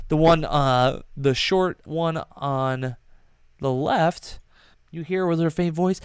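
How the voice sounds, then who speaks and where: A man narrating a tabletop game as game master, casual and animated. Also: medium pitch, a little slow, clean tone, no echo, clean studio sound.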